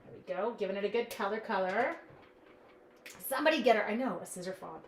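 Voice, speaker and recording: A woman's voice: mid-range voice, fast. Brief: chatty, scattered woman demoing crafts live to her viewers, in a roomy room with a faint hum. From Canada. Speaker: live-stream crafting demonstrator. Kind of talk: casual live-stream craft demo.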